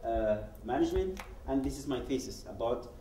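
Guy in his 40s, talking to a crowd, dark mellow voice, acts out the dialogue, mic far off in an echoey hall. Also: medium pitch, normal speed, slight background noise. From Yemen. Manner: animated, acts out quoted dialogue, frequent restarts. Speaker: guest speaker at a public event. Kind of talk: personal testimony told as a story. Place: event hall.

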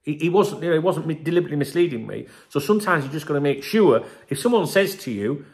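A man's voice: fairly high pitch, lively intonation, fast, a little mellow. Chatty emphatic man. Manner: chatty, emphatic, keeps asking "right?", swears. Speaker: football channel host. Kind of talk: casual commentary to camera.

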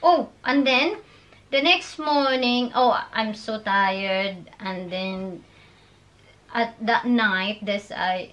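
A woman, telling a personal story in a casual, animated way with laughs and halting phrases. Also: medium pitch, muffled recording. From Philippines. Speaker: vlogger.

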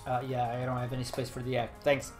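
Laid-back rambling male streamer. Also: medium pitch. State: slightly nasal from a fading cold. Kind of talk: casual live-stream chat.

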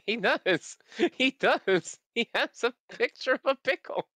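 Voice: medium pitch, animated, measured pace, fairly bright tone, no room sound. A streamer chatting casually while gaming, giggling often, rambling and swearing.

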